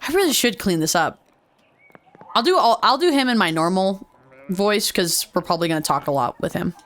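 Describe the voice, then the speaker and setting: A woman's voice: medium pitch, lively intonation, fairly quick, a bit bright, a little hiss or hum. A woman streaming a video game, reading its dialogue aloud and putting on voices, playful and giggly, sometimes tripping over hard words. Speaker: let's play streamer.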